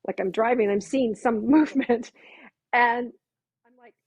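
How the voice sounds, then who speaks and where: A woman guest telling personal stories in casual conversation, animated and laughing often as she acts out her own reactions. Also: a little high, unhurried, breathy edge, no echo, muffled recording.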